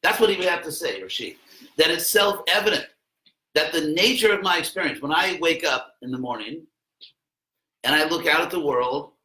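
A man's voice: a little high, lively intonation, normal speed, pushed and bright, reverberant, rough recording. A man giving an informal classroom lecture in a rambling, conversational way, with wry asides.

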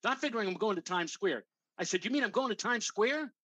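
A man's voice: high-pitched, brisk, slightly rough, dry recording, low-quality recording. An older man, a weather show host, telling a long anecdote in casual chat and acting out the voices of the people in it. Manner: animated anecdote teller, acts out quoted voices.

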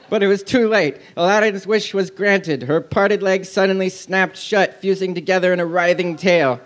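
Man, comedian, deadpan reading, high voice. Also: normal speed, few pauses. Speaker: comedian reading fan fiction. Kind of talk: comic reading to a live crowd.

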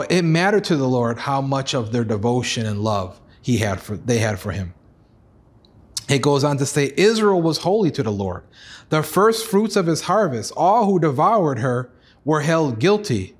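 A man preaching a sermon as pastor, earnest, acting out voices with sudden rises in pitch. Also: moderate pace. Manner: earnest preaching, acts out God's pleading voice, rises high for excited lines.

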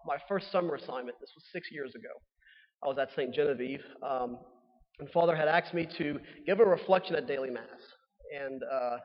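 A young man, a newly ordained priest giving a relaxed, conversational homily with fillers and playful asides. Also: mid-range voice, breathy edge. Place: church. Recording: dull sound with long reverb in a church.

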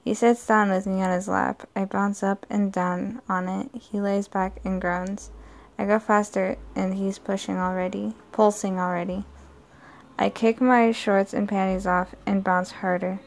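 A woman's voice: medium pitch, level tone, unhurried, gravelly. A woman narrating a first-person story in a plain reading voice, stumbling and correcting herself often. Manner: plain reading with frequent slips and restarts. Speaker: story reader.

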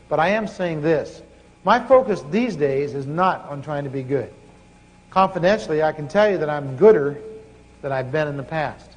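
A man preaching a sermon, telling a personal story and acting out his conversation with God in an animated way. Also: on the high side. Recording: long hall reverb.

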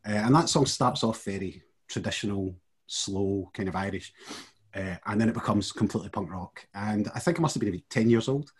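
A man, from the west of Scotland, chatting as a podcast guest, hesitant and halting with frequent laughs. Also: lowish voice, husky. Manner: hesitant, many fillers and restarts, laughs easily. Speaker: guest curator. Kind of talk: casual chat.

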